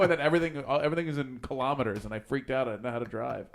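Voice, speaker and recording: A man with a mid-range voice co-hosting a podcast. He tells animated stories and acts out the other people in them. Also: medium pitch, racing, hardly any pauses. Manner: animated storyteller, acts out quotes, swears. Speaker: podcast co-host. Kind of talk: casual chat.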